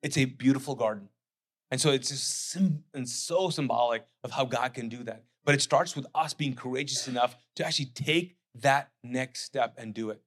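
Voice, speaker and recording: A middle-aged man, a pastor, preaching a sermon with lively storytelling, often repeating and restarting words. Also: medium pitch, normal speed, breathy edge. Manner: animated storytelling, acting out quotes in a raised voice.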